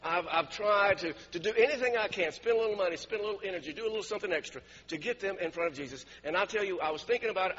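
Guy with a high bright voice preaching, keeps laughing mid story, lo-fi churchy echo. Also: husky. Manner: storytelling, laughs often, repeats words. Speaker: pastor. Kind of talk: sermon.

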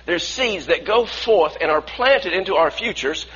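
High bright-voiced male preacher. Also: lively intonation, a little slow, breathy edge, highs cut off. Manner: earnest, repeats and restarts phrases; asks the congregation to repeat lines. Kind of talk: sermon.

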